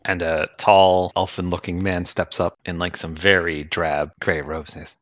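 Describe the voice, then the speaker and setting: Low voiced guy at a tabletop game, dry deadpan, bright tone, dry close sound. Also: moderate pace, few pauses, dry recording, muffled recording. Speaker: player. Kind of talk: casual play at the table.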